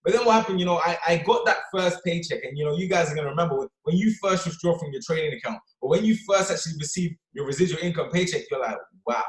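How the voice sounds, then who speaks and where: On a team call, a man with a slightly high voice talks quickly and energetically, giving a motivational speech. He keeps tagging his points with "right?" and "okay?" The audio echoes as if in a bare room, perhaps an office or somewhere in London.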